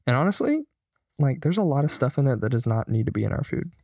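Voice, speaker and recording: A man's voice: mid-range voice, big pitch swings, fast, vocal fry, mellow, no echo, studio quality. A young man co-hosting a podcast, telling stories loosely and swearing freely in casual chat. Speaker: podcast co-host.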